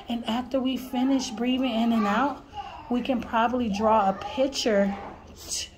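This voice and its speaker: Slow, soothing young woman teacher. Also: a little high. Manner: soothing, patient, reassuring. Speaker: teacher calming a child. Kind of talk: gentle coaching of a young child. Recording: noticeable background noise.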